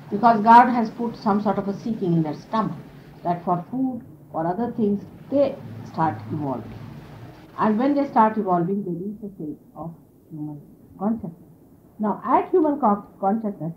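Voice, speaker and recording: Woman spiritual teacher with a lively, rising-and-falling voice, speaking conversationally to a gathering of followers. The 1970s archive tape sounds dull and lo-fi, with a faint steady hiss behind her. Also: medium pitch. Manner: conversational, explanatory, sprinkled with "you see". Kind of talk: informal spiritual talk to followers. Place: indoor gathering.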